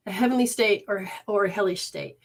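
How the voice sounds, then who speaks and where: A woman from Michigan, USA, livestreams from her living room, giving an informal spiritual teaching. Her medium-pitched voice moves briskly and expressively, and she warmly reads viewer comments aloud.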